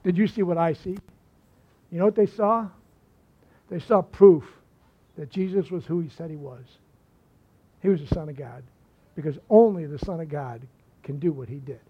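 Man, pastor, high voice, sermon, emphatic then hushed, muffled lo-fi audio. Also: normal speed, long pauses, husky. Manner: emphatic preaching, dropping to hushed lines.

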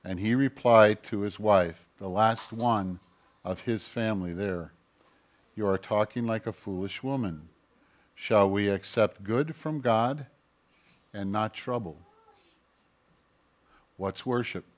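Fairly low in pitch and a touch slow, a male pastor reads scripture during his sermon, swinging between loud emphatic bursts and hushed asides. Frequent throat-clearing and self-corrections mark his delivery.

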